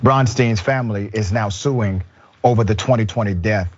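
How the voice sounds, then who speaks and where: Indignant male news host with a husky, lower voice. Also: moderate pace, a little mellow, muffled recording. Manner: earnest, indignant. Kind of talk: opinion news commentary.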